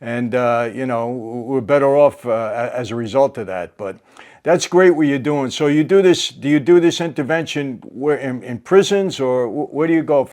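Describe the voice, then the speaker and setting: An older man hosting a casual interview, talking haltingly with many fillers and restarts. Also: medium pitch, darkish tone. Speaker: host.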